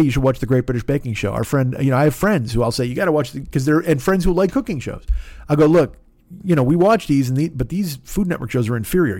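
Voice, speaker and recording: A man's voice: medium pitch, a little mellow, no echo. A man who works as a comedian, hosting a podcast in a casual, rambling monologue full of swearing and restarts. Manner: profane, rambling, self-interrupting. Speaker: podcast host.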